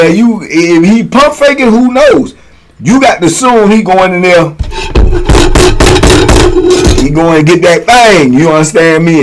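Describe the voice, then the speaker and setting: A man's voice: high-pitched, background noise. A man casually telling a prison story, laid-back and slangy, breaking into laughs. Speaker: storyteller, host.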